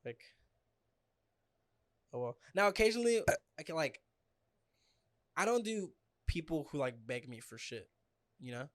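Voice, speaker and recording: A man's voice: a little high, sing-song, measured pace, long pauses, a bit bright, no room sound, studio quality. A man co-hosting a casual podcast, telling a rambling story full of filler words and acted-out quotes. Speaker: podcast co-host. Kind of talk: casual chat.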